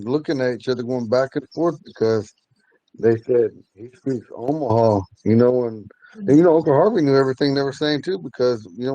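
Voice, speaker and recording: A man teaching a language class, telling stories in a relaxed way and laughing often. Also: medium pitch, dry recording, dull audio. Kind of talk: casual storytelling in class.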